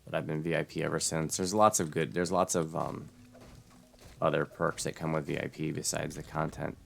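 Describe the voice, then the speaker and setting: A man's voice: very deep voice, level tone, moderate pace, creaky, fairly bright tone. A man chatting casually and rambling while streaming a game with friends. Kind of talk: casual gameplay chat.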